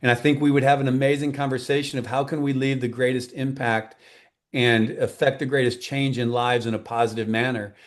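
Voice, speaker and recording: A man, a life coach and pastor, talking as a guest in an interview in an earnest, animated way. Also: mid-range voice, fairly quick. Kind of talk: enthusiastic interview talk.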